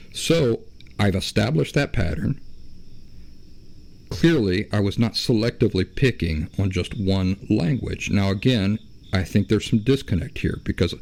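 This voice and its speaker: Low gravelly man hosting a podcast. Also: a little mellow. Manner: measured, explaining, self-correcting. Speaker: podcast host. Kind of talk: solo podcast monologue.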